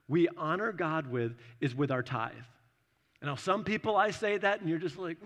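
Male pastor, sermon, conversational delivery, fairly high voice, long hall reverb. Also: fairly bright tone. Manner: conversational, acts out quick voices in his stories.

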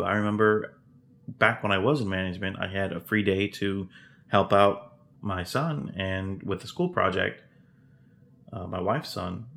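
A man's voice: fairly low pitch, vocal fry, a bit bright. A middle-aged man hosting a solo podcast, talking earnestly and from the heart, rambling with restarts. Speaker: podcast host.

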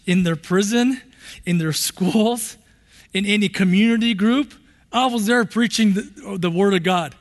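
A male pastor preaches with passion, circling back and repeating his phrases as he builds. His voice sits high for a man. It carries a long reverb from the church hall around him. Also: measured pace. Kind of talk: sermon.

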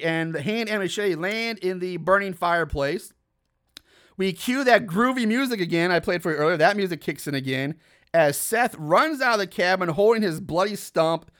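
High-voiced man casually recapping a film. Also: expressive, normal speed, fairly bright tone. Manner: laughing, incredulous asides, swears freely. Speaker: podcast host recapping a film.

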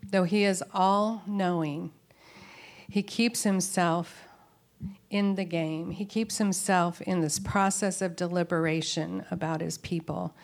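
Woman, low-pitched, earnest and reflective, Bible study talk to a women's group. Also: fairly even intonation, slow, vocal fry. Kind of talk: informal Bible teaching. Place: room with tables of women listeners.

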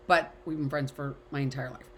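A middle-aged woman with a low voice, teaching an online class in a candid, chatty way. She swears freely and says what she thinks. A faint hiss of background noise sits under her voice. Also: steady tone, a little fast, a bit bright. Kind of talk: casual talk to an online class. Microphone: video call.

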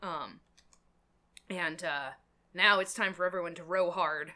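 A woman co-hosting a casual book discussion, recapping with hesitant pauses and fillers. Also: on the low side, bright, forceful tone. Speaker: podcast co-host discussing a novel.

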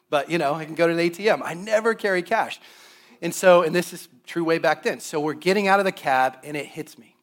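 A man in his thirties giving a sermon on money, with animated storytelling and playful asides. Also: on the high side. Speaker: guest preacher on finances.

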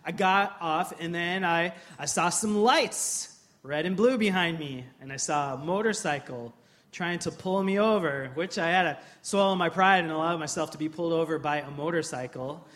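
A man in his thirties preaching a sermon in church, telling funny personal stories and then acting out scenes with loud, impassioned energy. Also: fairly high pitch, moderate pace. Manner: humorous storytelling, builds to loud impassioned acting-out. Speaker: pastor.

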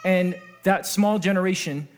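A man preaching a sermon as pastor, earnest, shifting between hushed intimate passages and excited exclamations, joking with the congregation. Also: sits high, measured pace.

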